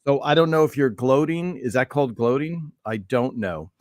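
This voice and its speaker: A man chats through a casual live stream from a small home studio, rambling and easily sidetracked. His voice sits at an ordinary middle pitch, and the sound is dry and close. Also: moderate pace, dry recording. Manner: rambling, easily distracted, chatty with fillers.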